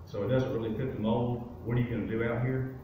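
A man's voice: medium pitch, level tone, quick pace. Guy telling his story at church, lots of uhs and so anyways, faint hum behind. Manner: conversational storytelling, many fillers. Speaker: guest speaker. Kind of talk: testimony in a church service. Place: church sanctuary. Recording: very echoey room, from far off.

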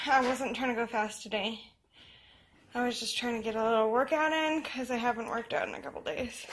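A woman's voice: on the high side, fairly quick, fairly bright tone. A young woman and mother chatting casually at home in a vlog, often cooing at her baby in a sing-song voice. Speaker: vlogger, mother. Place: home, indoors. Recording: noisy home video audio.

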